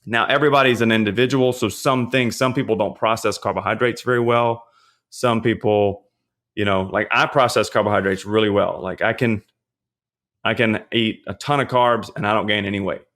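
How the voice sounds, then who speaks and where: Low-voiced man giving casual fitness advice. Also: moderate pace. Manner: relaxed, chatty, frequent fillers and rhetorical checks. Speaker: pastor and fitness trainer, podcast guest.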